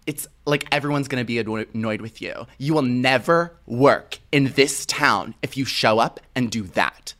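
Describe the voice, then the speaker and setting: A woman's voice: rumbling low, normal speed, hardly any pauses, fairly bright tone, pitched below the performer's own voice. A man quoting a blunt, harsh female acting teacher who cuts students down. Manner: cutting, dismissive.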